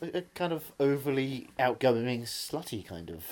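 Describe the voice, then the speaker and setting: A playful New man chatting on a comedy podcast, his pitch jumping around a lot as he riffs. He keeps slipping into daft voices and bits. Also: very animated, normal speed, a little mellow. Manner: playful, keeps breaking into silly voices and made-up songs. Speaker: podcast co-host. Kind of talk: casual comedic chat.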